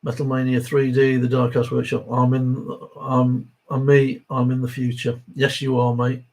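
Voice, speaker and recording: With a medium-pitched, darkish voice, he speaks at a moderate pace in a completely flat delivery. This middle-aged man from the English Midlands has an East Midlands accent and hosts a diecast model livestream. He reads viewers' comments aloud in a matey, chatty way, chuckling between them.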